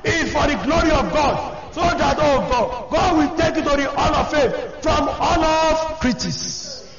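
High-pitched man preaching with fervor. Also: measured pace, over a noisy crowd. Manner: shouted, emphatic preaching punctuated with hallelujah and oh man. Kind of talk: sermon. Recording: echoey hall, dull lo-fi sound, congregation audible.

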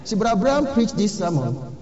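A man's voice: high voice, big pitch swings, moderate pace, a little mellow. A man preaching a sermon as pastor, earnestly urging his listeners and repeating key phrases. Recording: echoey hall, dull lo-fi sound.

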